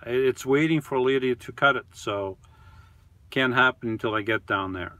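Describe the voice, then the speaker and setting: A man's voice: mid-range voice, moderate pace, pushed and bright. A man hosting a casual live stream from his camper van, reading viewer comments aloud and answering them one by one in an easygoing, chatty way that often trails off.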